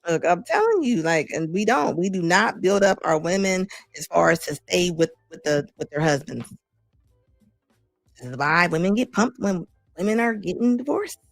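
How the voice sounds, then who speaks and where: A woman's voice: lowish voice, lively intonation, moderate pace, gravelly, dry recording, clean studio sound, soft background music. A woman host doing casual livestream commentary, chatty and slangy, laughing as she gives her opinions.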